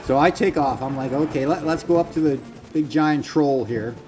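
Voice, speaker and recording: A man gives casual commentary on his own gameplay, swearing freely and voicing his inner thoughts as he plays. His voice sits on the high side at a normal speed. The recording is low quality, with loud game music behind him.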